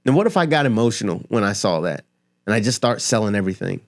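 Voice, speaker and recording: A man's voice: on the low side, big pitch swings, fast. Emphatic man giving a motivational talk. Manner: emphatic, rhetorical questions, builds with repetition. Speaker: finance and motivation creator. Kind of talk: direct-to-camera motivational talk.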